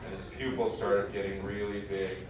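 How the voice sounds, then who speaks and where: A man's voice: lowish voice, flat delivery, moderate pace. Playful man storyteller in echoey hall. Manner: playful, jokey, acts out characters with sudden shifts. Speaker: visiting author telling a story to students. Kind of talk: animated storytelling to a school assembly. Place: school auditorium. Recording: echoey hall, distant, noisy crowd. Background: loud laughing crowd of children.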